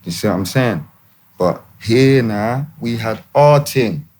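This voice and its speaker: Interview guest, man, lowish voice, street slang, emphatic, faint ambience. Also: expressive, slow, a little mellow, slight background noise. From England. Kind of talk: casual interview talk.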